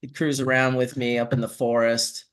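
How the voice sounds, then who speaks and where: A man hosting a casual chat, telling animated stories and swearing casually. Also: mid-range voice, normal speed, clean tone. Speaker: host.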